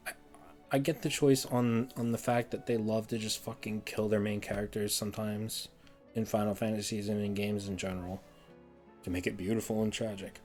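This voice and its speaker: A man's voice: lowish voice, level tone, moderate pace, darkish tone, soft background music. A man streaming a heated game review, ranting and swearing often, repeating words in frustration.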